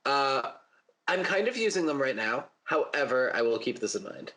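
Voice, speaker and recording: A man playing a tabletop game, speaking hesitantly with many pauses and fillers. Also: mid-range voice, sing-song, sharp tone. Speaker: player.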